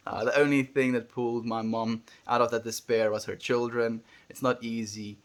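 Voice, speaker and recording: A young man talks warmly to his viewers on a home livestream, thanking them and offering encouragement. His voice sits at an ordinary middle pitch and often drops soft at the ends of phrases. He speaks into a desk mic in a small room. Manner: gentle, earnest and encouraging, softening to near-murmurs at the ends of phrases. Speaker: livestream host. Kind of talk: casual livestream chat, reading viewer comments.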